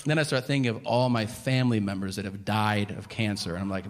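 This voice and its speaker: A man's voice: on the low side, steady tone, quick pace, few pauses. A male stand-up comedian telling a story on stage, profane and conversational, acting out the voices of the people in it. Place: large hall before a live audience. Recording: live stage recording in a reverberant hall. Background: audience laughter and ambience.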